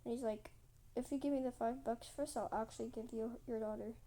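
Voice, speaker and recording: A woman's voice: fairly high pitch, steady tone, fairly quick, dark tone. A woman telling a rambling story casually while drawing, repeating herself and acting out quotes with lots of "like". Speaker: channel host.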